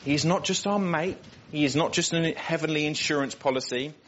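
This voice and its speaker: A man's voice: fairly high pitch, brisk, fairly bright tone, slight background noise. A man preaching a sermon, earnest and emphatic, often repeating words as he builds a point. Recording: dull lo-fi recording.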